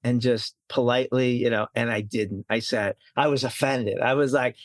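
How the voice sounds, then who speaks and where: A man's voice: medium pitch, fairly even intonation, moderate pace, hardly any pauses, no room sound. A middle-aged man hosting a casual chat, telling stories with a teasing, self-mocking edge. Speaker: podcast host.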